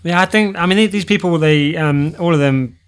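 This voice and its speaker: A man's voice: fairly high pitch, moderate pace, clean tone. A man hosting a podcast, telling a rambling story in a sweary, casual way and laughing easily. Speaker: podcast host and editor.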